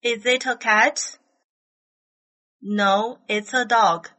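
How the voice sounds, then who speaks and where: A woman reading numbered items from an English listening test, each phrase slow, carefully spaced and evenly paced. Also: on the high side, steady tone, pushed and bright, rough recording.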